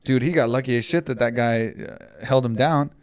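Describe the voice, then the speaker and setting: A man co-hosting a sports podcast, talking in an animated, casual way, swearing and calling his friend dude. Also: medium pitch, normal speed, clear, resonant tone. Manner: animated, swearing, repeats phrases, calls people dude. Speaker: podcast co-host.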